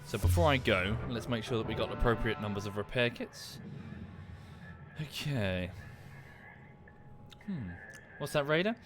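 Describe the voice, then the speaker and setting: A man's voice: medium pitch, lively intonation, measured pace, pauses often. A British man streaming a game, talking casually while he plays and rambling with lots of swearing and restarts. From United Kingdom. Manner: rambling, sweary, self-interrupting. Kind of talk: casual gameplay commentary and chat. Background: music.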